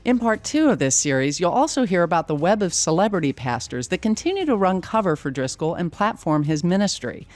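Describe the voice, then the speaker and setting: A woman hosting a podcast, asking measured questions and reading a scripted outro. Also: fairly low pitch, big pitch swings, a little mellow, soft background music. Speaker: podcast host.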